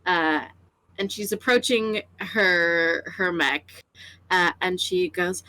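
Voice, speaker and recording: A woman's voice: on the low side, slow pace, pushed and bright. A woman player in a tabletop role-play game, describing her character with many fillers and restarts.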